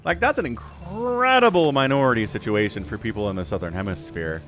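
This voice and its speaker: A man giving casual esports commentary as caster, chatty and rambling, getting excitable at the action. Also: medium pitch, fairly quick, faint music behind. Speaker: game caster.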